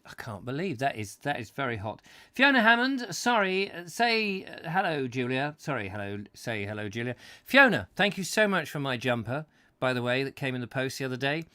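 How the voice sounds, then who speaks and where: A man's voice: mid-range voice, big pitch swings, normal speed, pushed and bright, smooth, dry recording, studio quality. A man hosting a comic live-stream chat show, rambling and jokey, trailing off with fillers. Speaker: host.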